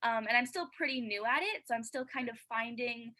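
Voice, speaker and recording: Woman guest, casual interview, bright forward tone, eager and chatty. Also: on the high side, fairly quick, low-quality recording. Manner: eager and chatty, many fillers; earnest and heartfelt.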